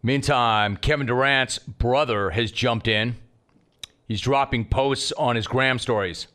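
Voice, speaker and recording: A man hosting a sports talk radio show, bantering in an animated, mocking, rapid-fire way. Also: medium pitch.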